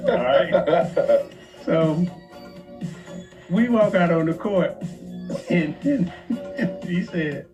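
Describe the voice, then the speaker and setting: Man, ex-player, animated storyteller, slow and high, laughing. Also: faint music behind. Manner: animated, laughing, repeats himself. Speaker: former basketball player. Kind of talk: casual anecdote on a talk show.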